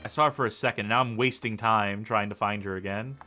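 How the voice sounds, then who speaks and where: A man's voice: lowish voice, fast, sharp tone. A man co-hosting a casual game playthrough, joking and laughing, swearing casually. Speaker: game commentator, co-host. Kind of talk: casual let's-play commentary. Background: game music.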